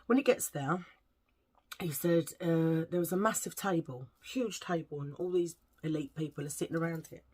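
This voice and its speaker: A woman's voice: low-pitched, normal speed, darkish tone, breathy edge. A middle-aged woman, telling a rambling story in a casual vlog chat and searching for words as she goes. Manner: rambling, chatty, searches for words, eats while talking. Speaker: vlogger.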